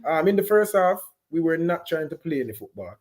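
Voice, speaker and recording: A man with a Jamaican accent giving an animated, patois-heavy post-match reaction on a football game. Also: fairly high pitch, a little fast. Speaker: football fan pundit.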